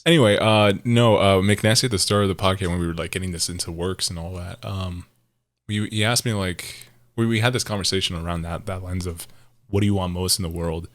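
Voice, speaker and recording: A young man co-hosting a casual podcast, rambling and excitable, swearing and laughing loudly. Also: deep voice, fairly quick, dry recording. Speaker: podcast co-host.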